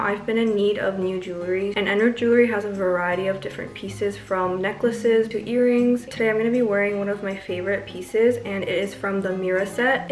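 Chatty teen girl vlogger, slightly high voice. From Toronto, Canada. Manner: chatty, upbeat, lots of "like" and "literally". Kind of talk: casual vlog talk. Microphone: compact camera held by the vlogger.

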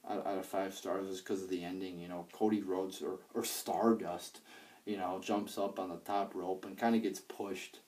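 A young man with a low, dark, mellow voice talks through a wrestling show he watched, rambling and cursing freely and restarting his sentences. He sounds set back from the microphone, as if recording on a tablet held away from him. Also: flat delivery, normal speed, far from the mic. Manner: rambling, profane, many fillers and restarts. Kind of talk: casual spoken review. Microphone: handheld iPad.

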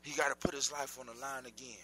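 A man's voice: medium pitch, fast. A man telling a folk story live, talking straight to his listeners. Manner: animated, addresses listeners directly.

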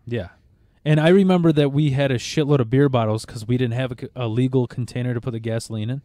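Male podcast host, mid-pitched, dry close sound, rambling and profane storyteller. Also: quick pace, warm tone, dry recording. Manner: rambling, profane, stammers and restarts. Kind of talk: casual storytelling chat.

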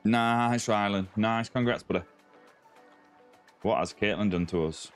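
Soft music plays as an Australian man live-streams a game in an unhurried, fairly low-pitched voice. Sitting at his home streaming setup with a ring light, he chats casually and greets viewers by name, addressing them as mate and buddy.

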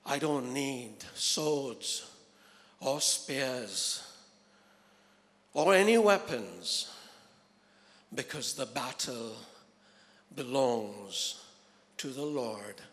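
A man preaching, voicing a brave, faithful young shepherd boy who speaks with firm, slow, earnest resolve. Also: mid-range voice, animated, fairly bright tone, long reverb tail, pitched below the performer's own voice. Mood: solemn.

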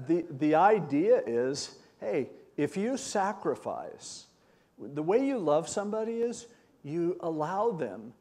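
An older man, a pastor in his sixties, teaches a sermon in an easygoing, conversational way. He moves into animated storytelling when he recounts an anecdote, and his voice sits at an ordinary middle pitch.

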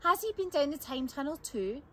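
A woman's voice: sits high, expressive, moderate pace, sharp tone, a little hiss or hum, voice pushed up. A woman voicing an impulsive young boy in a storybook read-aloud, blurting out his questions. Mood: eager.

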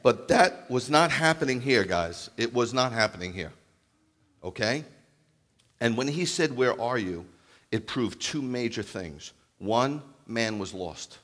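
A man preaching a sermon as a rabbi, animated, acting out loud calls and then dropping to a hushed voice. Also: medium pitch, measured pace. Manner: animated, acts out calls and shouts, then drops to near-whisper. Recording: long hall reverb.

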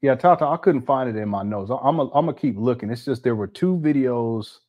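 A man's voice: mid-range voice, lively intonation, fast talker, a little mellow. A man hosting a casual reaction commentary, rambling with many restarts and scornful asides. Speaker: commentary host.

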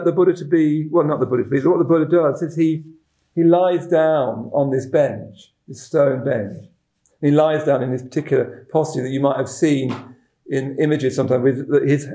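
Male dharma teacher, fairly high voice, mellow, loose and self-deprecating, roomy echo. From West Midlands, England. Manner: rambling, self-deprecating, with frequent fillers and restarts. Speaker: Buddhist teacher. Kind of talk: dharma talk.

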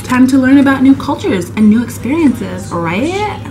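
Speaking from a room in Dublin, this young travel vlogger has a high-sitting voice with big swings in pitch and talks at a moderate pace. She's short on sleep, scattered, and drifts off her point as she chats casually. Her handheld camera records noisy sound.

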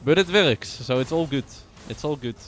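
A man's voice: mid-range voice, lively intonation, normal speed, slight background noise. A man streaming a video game, joking around and repeating his lines in casual commentary. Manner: playful, joking, repeats phrases.

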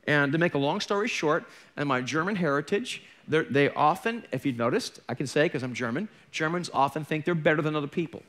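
Candid middle-aged pastor, slightly high. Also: male voice, animated, a little fast, hardly any pauses, a bit bright. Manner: candid, conversational preaching with joking asides. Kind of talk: sermon. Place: church.

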